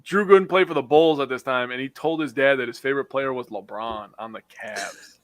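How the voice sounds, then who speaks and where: A man co-hosting a casual sports podcast who jokes around, exaggerates playfully, and gets animated in his storytelling. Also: mid-range voice, fairly quick, no echo. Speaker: podcast co-host.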